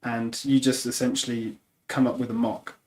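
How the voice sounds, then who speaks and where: A man's voice: mid-range voice, normal speed, a little hiss or hum, rough recording. A man, a guest sculptor, chatting casually and telling rambling anecdotes full of "like" and laughs. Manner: rambling, animated, lots of "like" and laughter.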